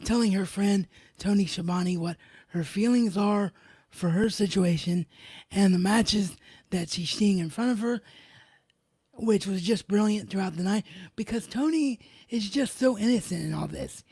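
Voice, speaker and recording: Enthusiastic woman reviewing wrestling, mellow voice. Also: mid-range voice, slightly rough, dry recording. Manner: enthusiastic, repeats emphatic words. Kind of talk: live solo show review.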